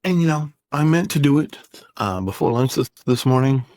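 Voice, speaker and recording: A man in his thirties tells a long, rambling story in a casual vlog, exasperated and sarcastic, and his voice sits at an ordinary middle pitch. The recording is very dry and close, with no room sound. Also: expressive, normal speed, a little mellow, no room sound. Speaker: gaming YouTuber.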